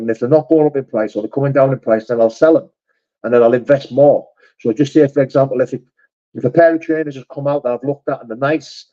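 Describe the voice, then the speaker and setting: A man's voice: medium pitch, warm tone, muffled recording. A man hosting a live chat, reading viewer messages aloud and answering them bluntly, calling people mate and brother. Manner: blunt and matter-of-fact, with frequent swearing and "mate", "brother". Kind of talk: casual live-chat talk.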